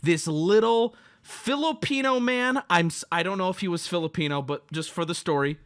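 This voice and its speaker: A man hosting a stream, telling a crude story in a loud, animated rant and acting out the other people in it. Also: sits high, moderate pace, clean tone. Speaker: streamer host.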